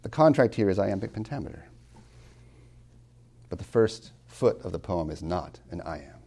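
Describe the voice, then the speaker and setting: Low, gravelly male poetry lecturer. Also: lively intonation. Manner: dramatic swings in loudness, drops to near whispers when savoring lines; slow, deliberate emphasis on key words. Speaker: college tutor giving a lecture.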